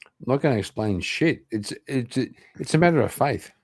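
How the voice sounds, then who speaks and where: An Irish man hosts a casual online chat show, talking in a lively, bouncing voice that jumps up and down in pitch. He swears freely and laughs a lot. The sound is close and dry. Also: normal speed, no room sound. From Ireland. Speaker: host of an online interview show.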